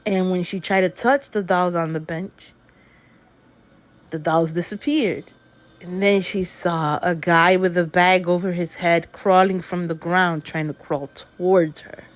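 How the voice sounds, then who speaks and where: A woman casually telling a scary story in a rambling, unhurried way, full of fillers like "he goes". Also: lowish voice, fairly even intonation.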